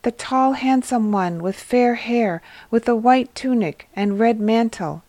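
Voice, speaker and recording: A woman's voice: medium pitch, unhurried, darkish tone, no room sound, natural voice. A woman voicing an eager male shepherd disciple in a read-aloud story, speaking urgently and emphatically. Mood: excited. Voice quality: read aloud in narrator's own voice.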